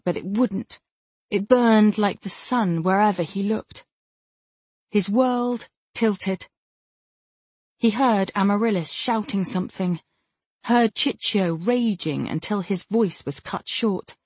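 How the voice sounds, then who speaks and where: Slow, husky woman reading a story. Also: medium pitch, no room sound. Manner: measured, steady reading. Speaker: audiobook narrator. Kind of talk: scripted narration.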